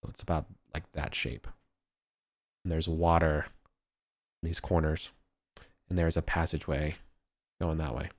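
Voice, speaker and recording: A man running a tabletop game as game master, describing caves slowly with many ums and uhs. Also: rumbling low, flat delivery, dry recording. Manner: halting, many fillers.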